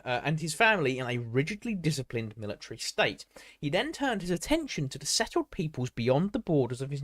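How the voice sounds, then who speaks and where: Speaking in a higher register with a fairly bright tone, this man reads a history article aloud on a live stream, with many restarts and asides. He keeps breaking off to chat and respond to viewers' messages. The sound is dry and studio-clean.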